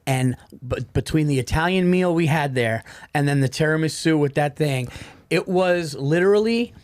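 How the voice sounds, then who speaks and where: A podcast host telling a food story in casual, excitable talk, often saying "dude". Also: male voice, on the high side, moderate pace, clean tone, no room sound, clean studio sound.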